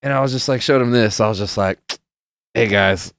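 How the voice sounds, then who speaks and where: A man's voice: medium pitch, fast talker, no echo, clean studio sound. A man hosting a casual solo podcast, telling rambling, profane stories full of fillers in a laid-back way. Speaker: podcast host.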